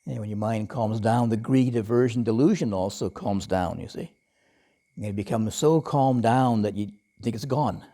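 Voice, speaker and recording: A man who is a Buddhist monk, giving a relaxed dharma talk and telling stories with frequent chuckles and fillers. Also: on the low side. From Western, lived in Thailand as a layman. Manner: relaxed storytelling, chuckles often, many fillers.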